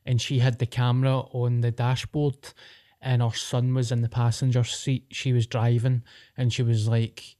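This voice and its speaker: A man chatting on a podcast, telling a story in a relaxed way and chiming in with short agreements. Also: mid-range voice. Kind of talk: casual podcast chat.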